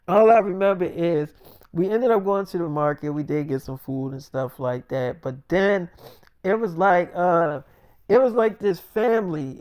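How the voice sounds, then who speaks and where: A man's voice: a little high, darkish tone, clean tone. A man telling a story casually, rambling with many fillers and profanity.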